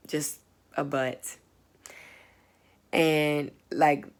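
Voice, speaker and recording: A woman's voice: deep voice, a little mellow. A young woman, a student, casually telling a personal story, chatty and full of fillers, acting out what people said. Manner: chatty, full of "like" and fillers, acts out quoted lines.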